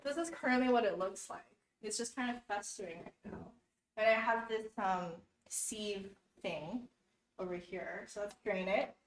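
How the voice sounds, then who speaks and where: A woman's voice: mid-range voice, normal speed. A young woman filming a casual cooking vlog at home, chatty and a bit flustered, giggling and talking herself through each step. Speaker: YouTuber cooking for viewers. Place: home kitchen. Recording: roomy kitchen echo, faint noise.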